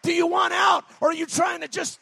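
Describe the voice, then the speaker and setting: A man preaching a fiery sermon in a church, shouting and exhorting with insistent repetition. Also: very high-pitched, flat delivery, brisk, gravelly, no room sound.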